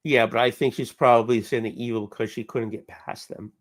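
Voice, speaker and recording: A man's voice: medium pitch, steady tone, a little fast. A man in casual chat, emphatic and insistent when arguing a point.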